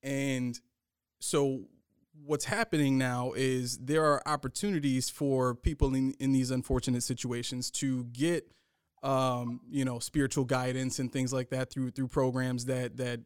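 A man's voice: mid-range voice, flat delivery, clean tone, no room sound, studio quality. A man co-hosting a faith talk show, speaking casually with frequent restarts. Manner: halting, many restarts, conversational. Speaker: co-host. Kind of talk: casual discussion.

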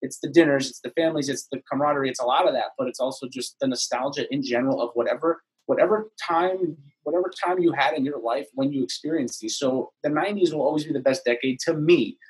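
Podcast guest, thirties man, quick and husky, laid-back rambler. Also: mid-range voice, low-quality recording. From South Florida. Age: 30s. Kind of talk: casual chat.

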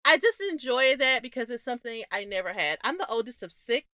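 A young adult woman co-hosting a podcast, telling stories in a casual, animated way, laughing often. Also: fairly high pitch, fairly quick, no echo, clean studio sound. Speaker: podcast co-host. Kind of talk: casual chat.

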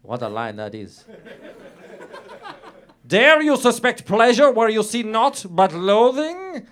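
A man takes it slowly in a sing-song, exaggerated, slightly bright voice, performing a dramatic reading as an improvised comedy podcast character. The character is a pompous, lecherous French nobleman with a fake French accent and lip-smacking, florid broken English. The reading is theatrical, and the victim's lines come out in a high, pleading voice.

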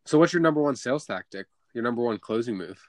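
A man with a mid-pitched voice hosting a podcast, trading teasing, joking banter in casual talk. The recording is dry and close to the mic. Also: expressive, fast, darkish tone, no room sound. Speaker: podcast host. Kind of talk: casual chat.

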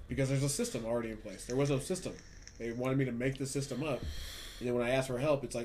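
This man speaks quickly at a medium pitch, with a slight hiss or hum in the recording. He's a podcast host in Hollywood, swearing and ranting as he spins lively work stories in a relaxed conversation.

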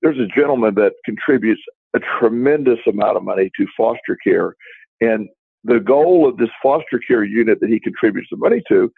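Gravelly-voiced man telling a story. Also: on the low side, no room sound. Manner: rambling, restarts, animated retelling of quoted dialogue. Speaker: podcast co-host. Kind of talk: casual storytelling chat. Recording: dry, tinny phone-like line.

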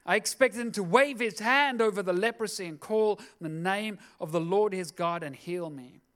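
Brief: aggrieved proud commander, voiced by a male preacher, high voice. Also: moderate pace, fairly bright tone. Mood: offended. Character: proud, offended foreign army commander, male.

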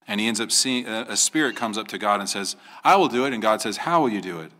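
A man's voice: on the low side, quick pace, bright, forceful tone. A man preaching an earnest sermon as a pastor, rising to emphatic questions and acting out quoted voices as he tells the story.

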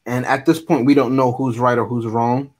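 A man's voice: mid-range voice, level tone, moderate pace. A man co-hosting a podcast, chatting casually about a movie with wry, joking asides. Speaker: podcast co-host.

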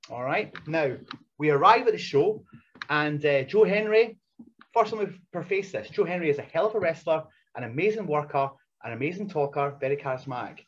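In a casual interview, a professional wrestler in his thirties tells anecdotes, animated and blunt, laughing often. His voice sits fairly high and is slightly rough, captured on a dull lo-fi recording.

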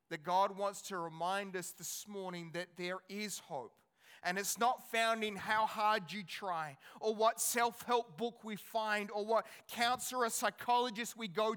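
A male pastor preaching a sermon in an animated, conversational way, asking his congregation rhetorical questions. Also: sits high, clean tone.

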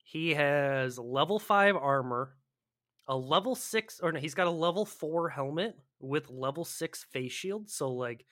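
A man casually chatting about a video game with a co-host, animated and profane, often acting out panicked players. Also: a little high, a little slow, no echo, clean studio sound. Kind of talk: casual gaming chat.

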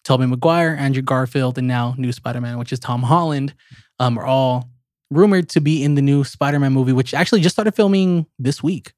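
A man's voice: medium pitch, fairly quick, a little mellow, dry recording, clean studio sound. A young man hosting a casual movie podcast, talking in a hyped, slangy, bantering way. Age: young adult. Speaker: podcast host.

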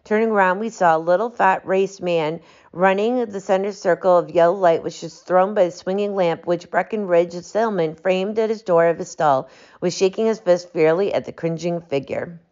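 Woman audiobook narrator, low-pitched and measured, on a lo-fi recording. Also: a little mellow. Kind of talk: storybook narration.

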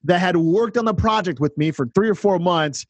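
A man on a podcast, telling an excited story and acting out the dialogue in casual chat. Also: high voice, brisk, no echo. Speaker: podcast co-host, counselor.

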